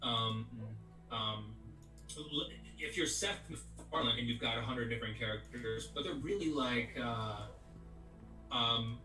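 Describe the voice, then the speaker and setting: A man's voice: mid-range voice, unhurried, pushed and bright, soft background music. A man who works as a voice actor, guesting in a casual interview and talking at length in a loose, rambling way. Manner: rambling, peppered with "you know what I mean". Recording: roomy echo, distant from mic.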